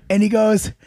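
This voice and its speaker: A man's voice: warm tone, dry recording. A man co-hosting a podcast, telling a story in casual chat, acting out the people he quotes and often laughing. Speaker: podcast co-host.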